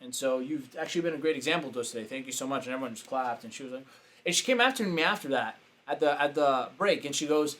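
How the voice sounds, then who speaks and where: A man, a business coach, telling a story casually and acting out the quotes with sudden jumps in pitch. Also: animated, quick pace, a bit bright.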